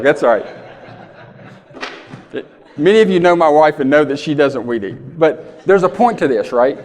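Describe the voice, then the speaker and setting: A man's voice: on the high side, darkish tone. A man giving a keynote talk in a large conference hall, telling folksy stories and often checking in with the audience. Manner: folksy storytelling, asks the audience "right?" often. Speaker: keynote speaker. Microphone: handheld or lapel mic. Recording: long hall reverb.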